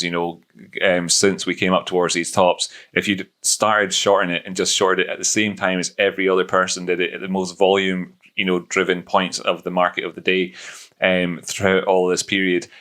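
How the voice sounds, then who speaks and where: Low-voiced man rambling through charts. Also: fairly bright tone. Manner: rambling, self-correcting, joking asides. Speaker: host of a trading analysis channel. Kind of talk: casual screen-share chart analysis.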